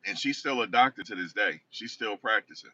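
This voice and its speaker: Man, low voice, forceful bright tone, rambling storytelling, distant muffled recording. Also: expressive, a little fast, no echo. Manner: rambling, self-correcting, conversational. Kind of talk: casual personal storytelling.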